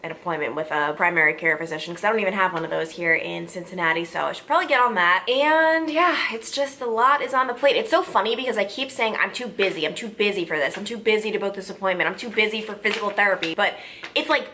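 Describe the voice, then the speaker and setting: A woman's voice: mid-range voice, quick pace, bright, forceful tone, a little hiss or hum. A woman in her twenties chatting casually to camera in a vlog, talkative and dramatic, full of "like". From Long Island, New York. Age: 20s. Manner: chatty, lots of "like", frustrated and dramatic. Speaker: vlogger.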